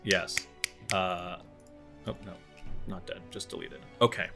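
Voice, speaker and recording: A man's voice: low-pitched, steady tone, slow pace, creaky, over music. A man running a tabletop game as game master, explaining rules and narrating with many fillers and restarts.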